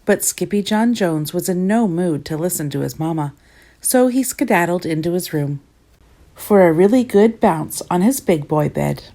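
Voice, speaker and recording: A woman reading a children's storybook aloud with lively, expressive narration. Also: on the low side, moderate pace. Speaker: storybook reader.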